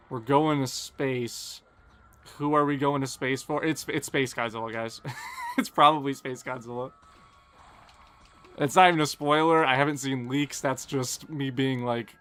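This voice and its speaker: Fast-talking young man streaming. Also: medium pitch, a bit bright. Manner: fast, casual, self-deprecating chatter. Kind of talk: live gameplay commentary and chat Q&A.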